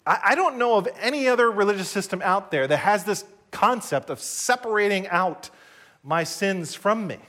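High-voiced emphatic male preacher. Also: lively intonation, moderate pace, pushed and bright. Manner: emphatic, rising to high bursts on key points. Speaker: pastor. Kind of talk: sermon. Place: church service.

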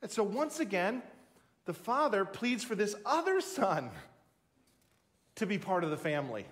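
A man's voice: sits high, very animated, a little slow, a bit bright. A man preaching a sermon, explaining a passage with emphatic, conversational storytelling.

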